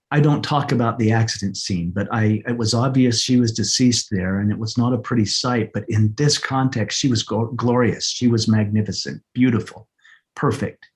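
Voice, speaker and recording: Earnest middle-aged man, halting retelling. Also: mid-range voice, darkish tone. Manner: halting, repeats words, earnest. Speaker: interview guest. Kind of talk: emotional personal storytelling. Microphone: podcast microphone.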